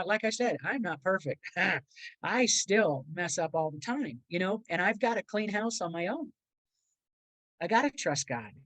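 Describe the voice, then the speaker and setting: A middle-aged woman with a mid-range voice, appearing as a podcast guest and motivational speaker, tells a personal story in an earnest, rambling way. She acts out the voices of the people in it. The recording is rough and has no room sound.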